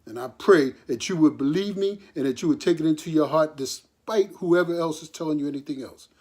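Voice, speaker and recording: A man's voice: on the high side, fairly quick, a little mellow. An older man making a recorded personal appeal to his grown son, earnest and hurt, pleading with him. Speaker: father addressing his son.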